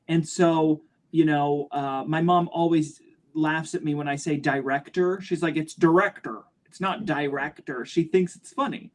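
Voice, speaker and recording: A man talks on a panel discussion. His delivery is clear, crisp and measured, each word set down carefully. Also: fairly high pitch, a little mellow.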